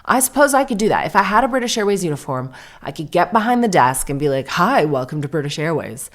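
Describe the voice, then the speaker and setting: A woman's voice: medium pitch, expressive, quick pace. A woman podcast host in her thirties, chatty and self-deprecating, telling a long story and acting out the dialogue. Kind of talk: casual storytelling monologue.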